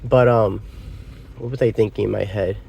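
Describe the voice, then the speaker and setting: A man's voice: fairly low pitch, fairly even intonation, moderate pace, vocal fry, darkish tone, slightly rough. A man giving a casual spoken film review, rambling and often losing his train of thought. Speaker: movie reviewer. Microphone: phone or small device.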